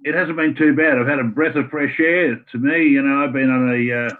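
A man's voice: medium pitch, fairly even intonation, a little fast, phone-quality sound. An older Australian man, a guest on a call-in chat show, talking in a florid way full of sayings and big words. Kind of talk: casual chat on a phone line.

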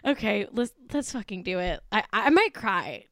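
A woman's voice: mid-range voice, big pitch swings, normal speed, fairly bright tone, dry recording, studio quality. A young woman hosting a celebrity gossip podcast, a little tipsy, swearing freely and laughing between lines. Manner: profane, giggly, gossipy, heavy use of "like". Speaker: podcast host.

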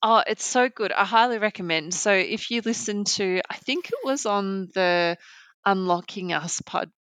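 A woman's voice: medium pitch, moderate pace, a bit bright, dry recording. An Australian woman co-hosting a podcast, chatting enthusiastically and thinking aloud as she talks. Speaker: podcast co-host. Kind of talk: casual chat.

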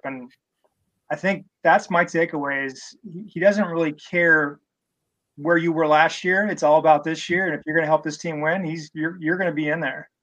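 A man's voice: fairly high pitch, fairly bright tone, poor audio. A man guesting on a podcast, giving his opinion in earnest casual chat.

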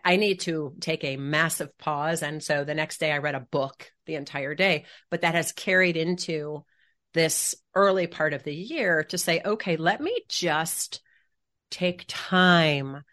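Low-voiced reflective woman co-host. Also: steady tone, normal speed, a bit bright. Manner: reflective, storytelling, searching for words. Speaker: podcast co-host. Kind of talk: casual chat.

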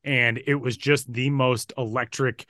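Man, sports broadcaster, animated podcast storytelling, bright tense voice, dry close mic. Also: medium pitch, measured pace, no echo. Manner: energetic, animated retelling with fillers. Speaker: baseball broadcaster and podcast regular.

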